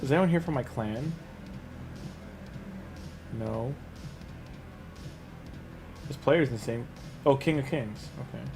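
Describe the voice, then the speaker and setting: A man's voice: medium pitch, slow pace, long pauses, music in the background. A man casually commenting a live game stream in a chatty, rambling way, talking to his chat and laughing easily.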